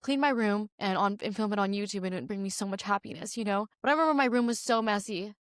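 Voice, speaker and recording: Young woman, podcast host, casual candid storytelling, rapid delivery, dry close sound. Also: medium pitch, no room sound. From Canada. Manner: rambling, many "like"s, emphatic and candid.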